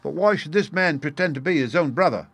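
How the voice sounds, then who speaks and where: A man's voice: fairly high pitch, a little fast, dry recording, voice pushed up. A man voicing an anxious young male clerk who pleads in a raised, agitated voice.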